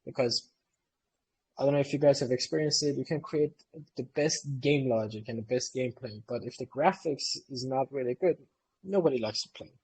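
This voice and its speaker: A man's voice: mid-range voice, a little fast, a little mellow, breathy edge, poor audio. A man who co-founded a company, answering community questions in a live Q&A session in an eager, explanatory way.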